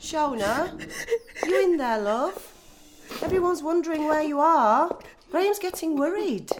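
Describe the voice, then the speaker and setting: Wry tired mum of the bride, high slow voice, TV drama. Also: female voice, expressive, noisy background. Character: weary wry mother of the bride. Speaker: mother of the bride.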